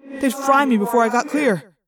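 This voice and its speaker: A woman voicing a calm, practical teenage boy in a storybook reading, explaining plainly. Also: on the high side, moderate pace, crowd noise, lightly acted. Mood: resigned.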